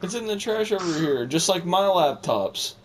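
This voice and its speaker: A man's voice: sits high, animated, normal speed, a little hiss or hum. A young man recording a co-op game session, rambling casually and laughing a lot. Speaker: gamer recording the video. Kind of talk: casual co-op gaming chat.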